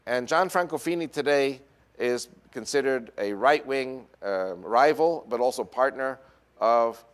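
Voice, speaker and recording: A man's voice: medium pitch, a little slow. Man with a New York accent lecturing. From New York, USA. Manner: animated storyteller, frequent "uh" fillers. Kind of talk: lecture mixed with personal storytelling.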